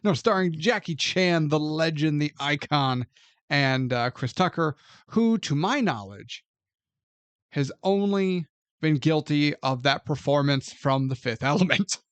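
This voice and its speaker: A man's voice: a little high, lively intonation, a little slow, clear, resonant tone, dry recording. A man co-hosting a film podcast, reacting and joking and laughing easily as he steers the talk. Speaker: podcast co-host. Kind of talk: casual chat.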